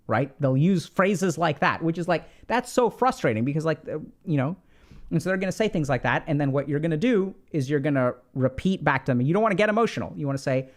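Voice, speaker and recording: A man's voice: fairly high pitch, expressive, fast talker. A man giving casual relationship advice in a conversational way, with frequent fillers and tag questions. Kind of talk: casual explanatory talk.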